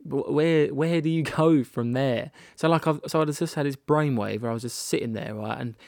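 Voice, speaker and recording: A man's voice: medium pitch, moderate pace, creaky, a little mellow, dry recording, studio quality. A young British man hosting his own podcast, talking candidly in a rambling way with frequent restarts and self-deprecating laughs, recorded in a rented holiday annex. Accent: British English. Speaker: podcast host. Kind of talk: candid solo podcast monologue.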